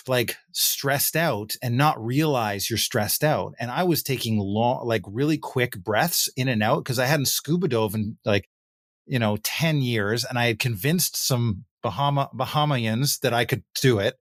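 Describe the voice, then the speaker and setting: A man hosting a podcast, telling relaxed anecdotes in casual conversation. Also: mid-range voice, dry recording, studio quality. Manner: relaxed, anecdotal, filler-heavy. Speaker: podcast host.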